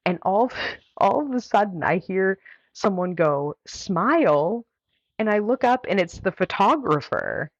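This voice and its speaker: A woman's voice: mid-range voice, animated, measured pace, no echo. A woman guest on a talk show, telling a story in a chatty way with lots of filler words. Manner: chatty, heavy use of "like" fillers. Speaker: guest runner. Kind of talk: casual storytelling. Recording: dull, dry lo-fi audio.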